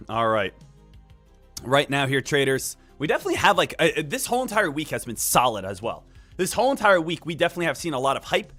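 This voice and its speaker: A man streaming live market commentary, energetic and emphatic, repeating key points and joking with viewers. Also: on the high side, fairly quick, soft background music. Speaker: day trading live streamer.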